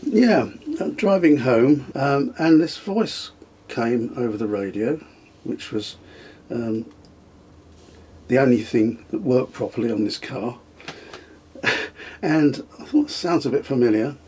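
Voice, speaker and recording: A man's voice: medium pitch, expressive, slow pace, pauses often, dark tone, breathy edge. An older man reminiscing in a casual interview, hesitant with frequent ums and restarts, chuckling now and then. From England. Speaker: interviewee, the host's father.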